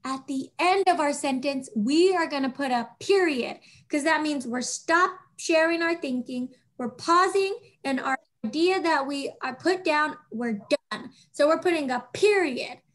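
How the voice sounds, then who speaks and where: A woman teaching young children over a video call, patient and encouraging, speaking slowly and clearly. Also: high-pitched.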